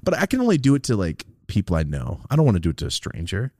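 A man co-hosting a casual podcast, swearing freely and acting out loud quoted voices as he tells stories. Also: on the low side, wildly swooping pitch, racing, breathy edge, dry recording, studio quality. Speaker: podcast co-host.

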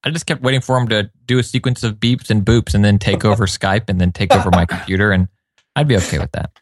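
Low-voiced rambling male co-host. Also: steady tone, fast talker, no room sound. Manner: rambling, self-correcting, spelling things out. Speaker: podcast co-host. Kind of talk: casual podcast chat.

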